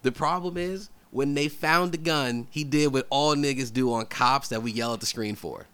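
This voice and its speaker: A man co-hosting a podcast, joking around in profane, quick banter. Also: mid-range voice, a bit bright, clear, resonant tone. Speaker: podcast co-host. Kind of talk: casual chat.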